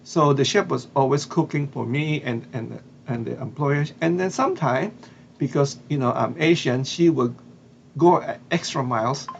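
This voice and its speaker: Gravelly Filipino man, halting casual talk. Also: medium pitch, dull audio, a little hiss or hum. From Philippines. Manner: hesitant, many fillers and restarts. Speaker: vlogger. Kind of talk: casual storytelling monologue.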